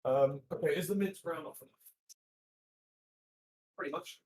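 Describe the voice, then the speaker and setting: A man's voice: on the high side, moderate pace, a little mellow. A young man chatting casually to a live stream while he cooks, rambling and slangy, swearing and trailing off mid-sentence, sometimes stepping away from the mic. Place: home kitchen.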